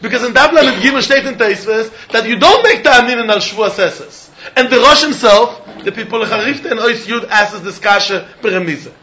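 Man, Talmud lesson, sing-song, repeats points, high-pitched. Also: expressive, brisk, hardly any pauses, bright, forceful tone, slight background noise. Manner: sing-song, repeats key points, mixes in Hebrew and Yiddish terms. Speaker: Talmud teacher.

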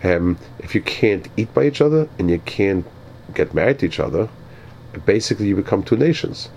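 A man teaching a Torah lecture as a rabbi, speaking in a halting way with many repeated words and pauses. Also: on the low side, expressive, a little mellow, slight background noise, low-quality recording.

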